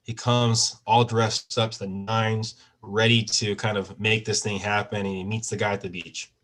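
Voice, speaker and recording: A man's voice: on the low side, flat delivery, normal speed, fairly bright tone, rough recording. A man giving a casual real estate training talk over a video call, often checking in with tag questions.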